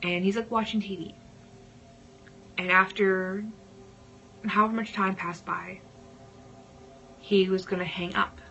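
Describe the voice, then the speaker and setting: A woman vlogger telling a personal story casually, dramatic and at times dropping into hushed whispers. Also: mid-range voice, fairly even intonation, unhurried, long pauses, dull audio, soft background music.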